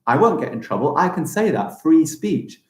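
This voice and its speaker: Lively male teacher, echoey room. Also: fairly high pitch, moderate pace. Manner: animated, exaggerated pronunciation for children. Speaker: primary school teacher. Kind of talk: live online lesson for young children.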